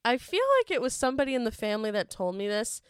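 A woman's voice: a little high, fast, clear, resonant tone, no echo, clean studio sound. A woman co-hosting a casual podcast, chatty and full of filler words. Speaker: podcast co-host. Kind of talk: casual chat.

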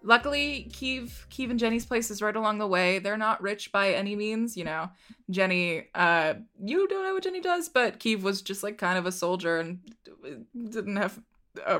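A woman's voice: medium pitch, fairly bright tone. Casual woman narrating a tabletop game. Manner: casual, rambling with fillers. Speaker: game master.

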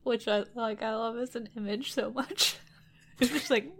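A woman's voice: fairly high pitch, slow. A woman casually retelling an old fairy tale for laughs, giggly and self-mocking. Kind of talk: comedic story retelling.

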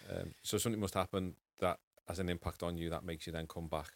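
A man's voice: sits low, steady tone, fast talker, creaky. A man hosting a podcast, asking his guest questions in a hesitant way and rephrasing as he goes. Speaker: podcast host. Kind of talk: interview questions.

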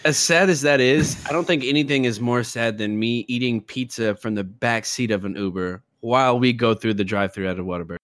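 Giggly young guy on a podcast, bright voice, laughs through his own story. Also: mid-range voice, fairly quick, few pauses, no room sound. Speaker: podcast co-host. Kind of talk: casual podcast chat.

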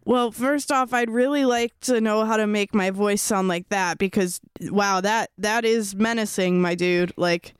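A woman playing a tabletop game, chatty and slangy, quick to joke. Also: medium pitch, smooth, no room sound, studio quality. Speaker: player. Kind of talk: casual tabletop role-play.

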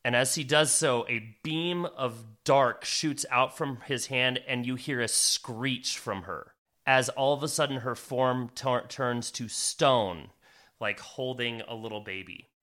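Man, game master narration, bright, dramatic, casual fillers. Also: medium pitch. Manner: dramatic, with fillers and slow emphatic phrases.

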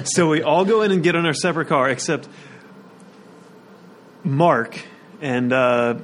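A man's voice: fairly high pitch, unhurried, a little hiss or hum. A young man in a casual podcast chat, telling an anecdote and giggling through it. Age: young adult.

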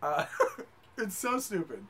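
A man's voice: high-pitched, huge pitch swings, takes it slowly, fairly bright tone, breathy edge. A man hosting a casual podcast, laughing often as he reads listener comments aloud. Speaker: podcast host.

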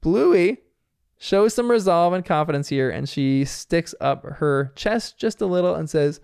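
A man's voice: fairly high pitch, lively intonation, measured pace, vocal fry, a little mellow, smooth, dry recording, clean studio sound. A man casually recapping a cartoon episode in an amused, chatty way. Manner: amused, chatty, laughing often.

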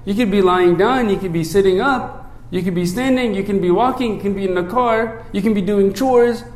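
A male priest giving a conversational sermon. He often checks in with "right?", repeats words as he restarts phrases, and drops low and soft when he recites the prayer. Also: fairly quick, echoey room.

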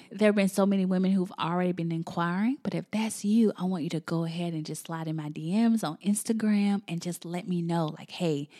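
A woman's voice: fairly low pitch, a little mellow. A woman in her thirties, a podcast host and business coach, telling a personal story in a chatty, emotional way and often calling her listeners y'all.

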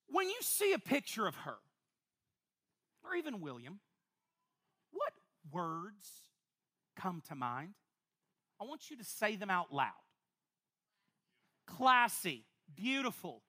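A woman pastor, preaching a sermon to a congregation in an animated, playful way with quick asides. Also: medium pitch. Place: church before a congregation.

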